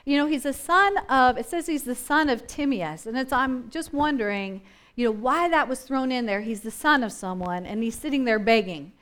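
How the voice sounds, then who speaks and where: A high-voiced woman leads a conversational Bible study at normal speed, chatting and thinking aloud. She's animated, acting out the scenes and voices from the story and putting questions to her listeners.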